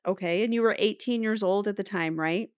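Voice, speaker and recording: A woman's voice: mid-range voice, a little fast, clean tone, dry recording, lightly acted. A woman voicing a courtroom prosecutor who cross-examines with pressing, repetitive questions. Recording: slightly muffled dry recording.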